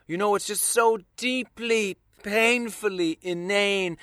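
A man doing a profane stand-up rant, swinging between quiet mock-calm and shouted outbursts. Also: high voice, slow, no echo, studio quality. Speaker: stand-up comedian.

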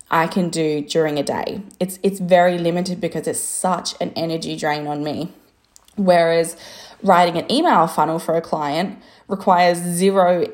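A woman's voice: fairly low pitch, a little mellow. Casual, swearing woman. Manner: chatty, swears freely, lots of "like" and laughs. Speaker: business coach and designer. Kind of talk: casual monologue to camera.

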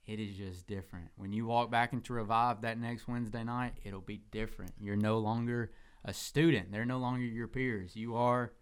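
Relaxed man, smooth voice. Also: lowish voice, normal speed. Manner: relaxed, rambling with fillers. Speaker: student ministry leader. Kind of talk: casual church podcast talk.

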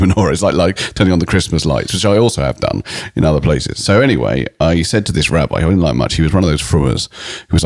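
A man's voice: very deep voice, gravelly, a little mellow, dry recording, studio quality. A middle-aged British man, a comedian, telling stories in a rambling way with frequent restarts. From Britain. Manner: rambling, self-interrupting storyteller with frequent restarts. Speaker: comedian guest. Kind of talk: casual interview chat.

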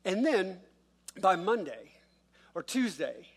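A middle-aged male pastor telling a humorous family story in a sermon, in a relaxed conversational way. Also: high voice, slow, husky. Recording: long reverb of a large church hall.

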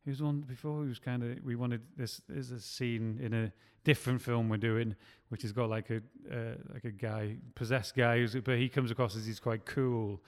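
A man's voice: medium pitch, steady tone, moderate pace, hardly any pauses. Rambling man with roomy echo. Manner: rambling, with many restarts. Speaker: scriptwriter and podcast host. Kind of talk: casual chat.

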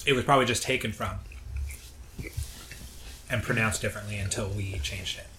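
A man's voice: fairly low pitch, steady tone, a little fast, background noise. A young man co-hosting a podcast, chatting casually in a loose, profane way. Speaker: podcast co-host. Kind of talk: casual chat. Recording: roomy echo.

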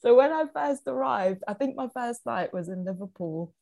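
A woman's voice: fairly high pitch, animated, moderate pace, creaky, dark tone, no echo. Chatty young woman, English. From Austria. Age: young adult. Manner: chatty storyteller, laughs often. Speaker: actor guest. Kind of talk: casual interview chat.

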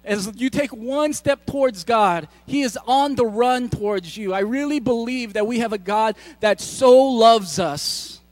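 High-voiced man preaching a casual sermon. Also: unhurried, few pauses, no echo. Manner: conversational, joking asides with frequent restarts. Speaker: pastor. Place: church.

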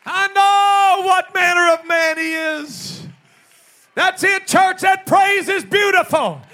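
Male pastor, sermon, very high bright voice, shouts emphatically, slow delivery, congregation faintly heard. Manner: emphatic, shouted preaching with slow drawn-out refrains. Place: church service with congregation.

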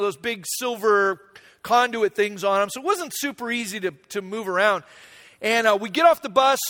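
A man's voice: sits high, fairly bright tone. A man in his forties preaching a sermon, telling a family story in a conversational way and checking in with the room. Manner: conversational, asks the room "right?". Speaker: pastor.

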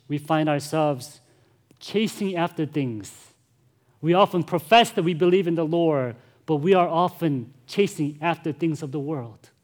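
A man's voice: a little high, darkish tone. A male pastor preaching a sermon, earnest and emphatic, often addressing the congregation directly.

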